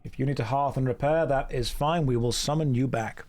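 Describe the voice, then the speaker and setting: A man's voice: mid-range voice, a little fast, darkish tone. A British man live-streaming a game, chatting casually and joking as he reads out and riffs on viewer messages.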